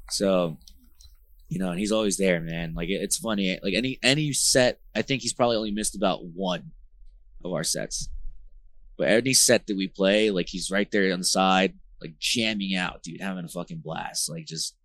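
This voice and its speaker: A man from New Jersey, a band vocalist, talking as a podcast guest in a rambling, slang-filled way with lots of fillers, getting animated as he tells stories. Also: deep voice. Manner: rambling, filler-heavy slang talk with frequent "like" and "bro"; animated, gets louder when retelling tense moments. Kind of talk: casual conversational storytelling.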